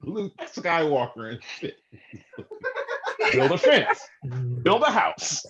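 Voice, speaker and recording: A man's voice: on the high side, sing-song, slow, muffled recording, crowd noise. A male co-host bantering and teasing on an online comedy stream, laughing as he talks.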